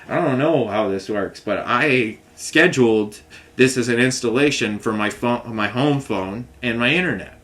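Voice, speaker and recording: A young man rambling through a frustrated complaint story in casual vlog talk, often slipping into higher voices for the people he quotes. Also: a bit bright. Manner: rambling, frustrated, mimics others with raised pitch. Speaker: vlogger telling a complaint story.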